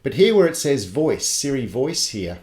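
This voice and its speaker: A man's voice: mid-range voice, sing-song, normal speed, a little mellow. A man running a live tech tutorial webinar, explaining things step by step in a chatty way. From Australia. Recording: echoey live broadcast.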